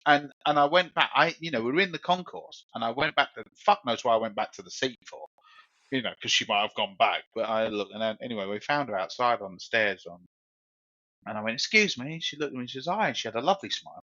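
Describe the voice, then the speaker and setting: A man's voice: mid-range voice, expressive, quick pace, pushed and bright, no echo. A man co-hosting a podcast, telling a long story in a rambling, swearing, repetitive way. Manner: rambling, swears, repeats himself. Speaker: podcast co-host. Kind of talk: casual storytelling chat. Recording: dull lo-fi sound.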